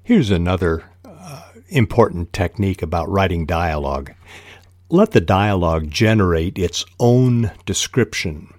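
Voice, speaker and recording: A man hosting a writing podcast, explaining technique in a measured way and reading quoted passages aloud. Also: deep voice, expressive, a little mellow, dry recording, studio quality. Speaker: podcast host teaching fiction writing. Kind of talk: instructional podcast talk.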